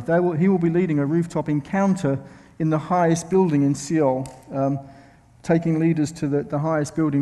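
A man's voice: fairly high pitch, mellow, in a large hall. A man with a London accent preaching a sermon as a visiting speaker, chatty and self-mocking, with many ums and restarts. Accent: English, London. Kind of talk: sermon with friendly asides. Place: church sanctuary.

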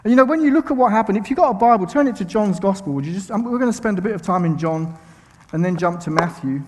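Chatty London preacher with a raised pitch. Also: male voice, animated, quick pace, long reverb tail. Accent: English, London. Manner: chatty, self-mocking, many ums and restarts. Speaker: visiting preacher. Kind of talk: sermon with friendly asides. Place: church sanctuary.

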